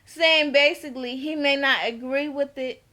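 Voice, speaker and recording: Bright-voiced woman recapping reality TV. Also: sits high, moderate pace. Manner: animated, blunt and slangy, laughs often. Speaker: reality TV reviewer. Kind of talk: casual recap vlog.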